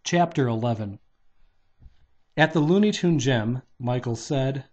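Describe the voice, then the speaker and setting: A man reading a children's book aloud at a medium pitch. His delivery is plain and steady. He moves from line to line like a storybook narrator. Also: measured pace, breathy edge. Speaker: reader.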